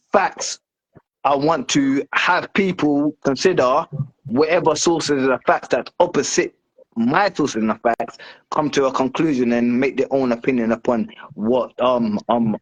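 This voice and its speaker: A man in mid-range pitch talks through his stance as a guest in a casual chat. He rambles, fills pauses with "um" and "like," and restarts his sentences often as he works out what he means. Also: highs cut off. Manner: rambling, many fillers and restarts, explaining at length. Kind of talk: casual discussion.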